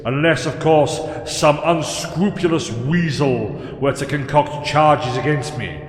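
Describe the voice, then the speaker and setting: A man's voice: fairly high pitch, echoey room, big-room sound. A man voicing a brash, confident male Time Lord in an audio story, in a theatrical, boastful way.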